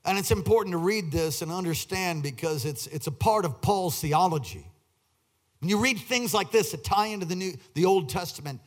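A man preaching a sermon, asking the congregation questions and swinging between quiet asides and loud, emphatic bursts. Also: high-pitched. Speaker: pastor.

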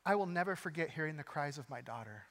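A man's voice: on the high side, animated, fast. Preaching man in a reverberant hall. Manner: earnest storytelling, swings from urgent to hushed. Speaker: pastor. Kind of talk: sermon with personal story.

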